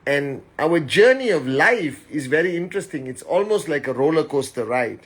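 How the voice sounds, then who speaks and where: A man hosting a live stream, greeting viewers by name and giving a motivational talk in an energetic, casual way. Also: a little high. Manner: energetic, reads names quickly, speaks directly to the audience. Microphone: phone.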